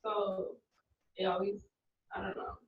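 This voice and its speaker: A woman's voice: medium pitch, flat delivery, unhurried, creaky. Woman student, rambling anecdote, off-mic in a roomy classroom. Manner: rambling, lots of "like". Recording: roomy, distant, lo-fi classroom audio.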